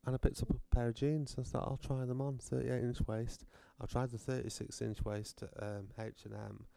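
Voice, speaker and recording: A man's voice: medium pitch, little pitch movement, normal speed, vocal fry, mellow, no echo. A British man delivering a rambling, sardonic comedic rant, swearing freely and going off on tangents.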